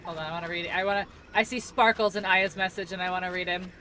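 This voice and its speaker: A woman's voice: lowish voice, fairly even intonation, fast, over music. A young woman streaming a game, chatting loosely with her viewers and rambling with easy laughter. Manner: chatty, rambling and laughing, reads chat aloud. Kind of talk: casual live-stream chat while gaming. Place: at home.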